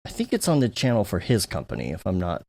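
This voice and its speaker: A man's voice: deep voice, wildly swooping pitch, fast talker, gravelly, a little mellow. A man hosting a podcast, chatting casually and rambling with fillers and restarts. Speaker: podcast host. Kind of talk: casual chat.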